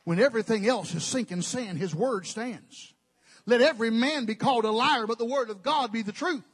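A man's voice: very high-pitched, moderate pace, slightly rough, in a large hall. A male pastor, preaching emphatically with folksy, joking asides. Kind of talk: sermon.

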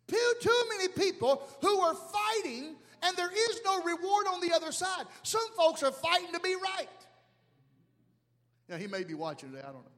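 Pastor, man, high lively voice, humorous preaching that swells to shouts, in a reverberant hall. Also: moderate pace. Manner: animated, humorous, shouting at peaks. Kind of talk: sermon.

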